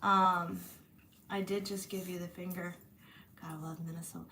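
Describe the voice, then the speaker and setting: A woman's voice: lowish voice, little pitch movement, moderate pace, sharp tone, a little hiss or hum. A woman chatting casually to her viewers from her room, blunt and swearing freely, sore after a massage. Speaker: channel host.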